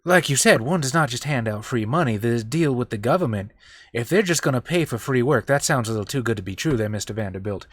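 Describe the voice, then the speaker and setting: A man's voice: medium pitch, animated, quick pace, no room sound, clean studio sound, pitched below the performer's own voice, lightly acted. A man voicing a blunt, wary country man, talking in an earnest, homespun way.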